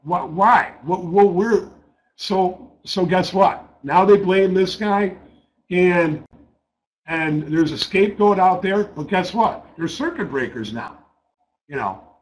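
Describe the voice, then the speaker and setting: A man's voice: sits high, takes it slowly, low-quality recording. A middle-aged man telling a trading-desk story in a blunt, profane way, repeating words as he gets worked up. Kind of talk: casual spoken storytelling.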